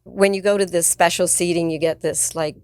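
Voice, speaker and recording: A woman's voice: on the low side, steady tone, brisk, a little mellow, no room sound, clean studio sound. A woman in her seventies, a guest author, telling anecdotes in casual conversation and laughing often. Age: 70s. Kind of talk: casual storytelling chat.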